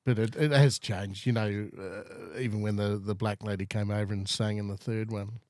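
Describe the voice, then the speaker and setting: A man's voice: lowish voice, steady tone, normal speed, a little mellow, dry recording, clean studio sound. A man with an Australian accent co-hosting a podcast, chatting casually in a blunt way with offhand swearing. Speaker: podcast co-host. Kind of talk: casual chat.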